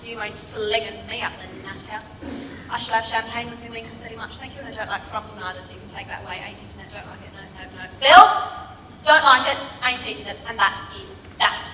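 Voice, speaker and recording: A woman's voice: mid-range voice, fairly even intonation, quick pace, sharp tone, natural voice. A woman playing a tactless old grandmother in a stage comedy sketch, nagging, repeating herself and throwing blunt insults. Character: cheeky rude old London grandmother, gossiping and tactless. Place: stage in a large hall. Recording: echoey hall, distant mic, noisy.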